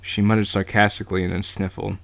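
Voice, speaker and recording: Casual male game streamer, low voice, reads narration aloud and breaks off for jokes. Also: little pitch movement, quick pace, vocal fry. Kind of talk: casual live-stream read-through.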